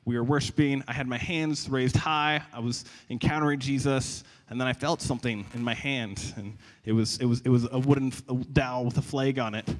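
A young man preaching a sermon in a conversational, animated way, often stumbling and repeating words. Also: medium pitch, brisk, hardly any pauses. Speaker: pastor. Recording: long reverb of a large hall.

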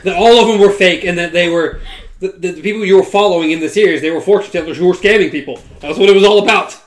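A speaker in casual conversation, easygoing and quick to laugh. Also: mid-range voice. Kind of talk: casual chat.

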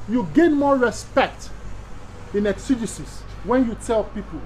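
A man's voice: very high-pitched, animated, a little slow, slight background noise, rough recording. A man from Nigeria with a Nigerian accent, a pastor giving an emphatic teaching sermon to other pastors, repeating key phrases and asking rhetorical questions.

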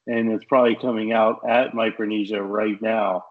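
A man's voice: fairly low pitch, level tone, moderate pace, phone-quality sound. A man co-hosting a podcast, wry and teasing in casual chat. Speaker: podcast co-host.

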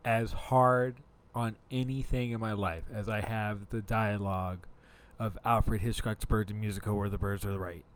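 A man co-hosting an improvised comedy podcast as a park ranger, throwing in dry deadpan asides. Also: lowish voice, normal speed, clean tone.

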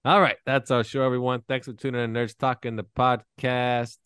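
A man's voice: mid-range voice, little pitch movement, brisk, a bit bright, clean tone, no echo, clean studio sound. A man hosting a casual podcast chat, joking and teasing his co-hosts. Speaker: podcast host.

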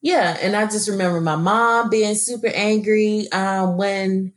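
A woman's voice: mid-range voice, fairly even intonation, a little slow. Earnest woman telling a story. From Birmingham, Alabama. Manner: earnest, emphatic, frequent fillers. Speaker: podcast co-host. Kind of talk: casual personal storytelling.

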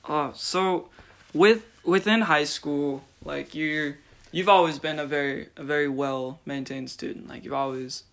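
A man's voice: a little high, steady tone, measured pace, creaky, fairly bright tone. A young man hosting a casual interview podcast, rambling with many filler words as he asks questions. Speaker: podcast host.

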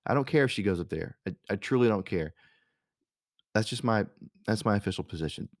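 Chatty man with a low voice. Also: lively intonation, fairly quick, no room sound, clean studio sound. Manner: rambling, chatty, with frequent fillers and restarts. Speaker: radio host. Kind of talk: casual storytelling monologue.

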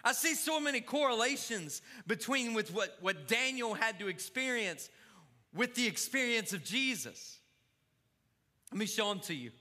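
A man's voice: very high-pitched, sing-song, moderate pace, sharp tone. A male pastor preaching a fervent sermon to his congregation, calling out to the crowd. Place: church sanctuary. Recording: long church reverb.

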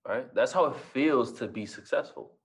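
Young guy, husky voice, swoops up and down a lot while telling a motivational story. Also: medium pitch, normal speed. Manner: animated, repeats lines for emphasis, acts out dialogue. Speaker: guest speaker.

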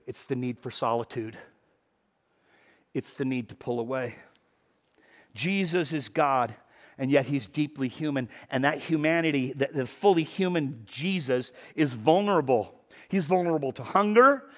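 A man preaching a sermon in a conversational, animated way, with sudden loud bursts for emphasis. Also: on the high side. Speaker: pastor. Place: church sanctuary.

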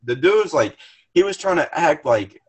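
A man's voice: on the high side, big pitch swings, moderate pace, husky. A young man, a podcast guest, telling a profane, rambling story in casual chat with many restarts. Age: young adult.

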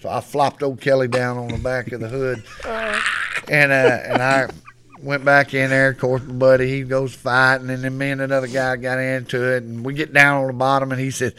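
A man's voice: medium pitch, flat delivery, brisk, background noise. A man from west Texas with a West Texas accent, telling bawdy, rambling stories on a podcast and laughing often. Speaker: podcast guest. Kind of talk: casual storytelling.

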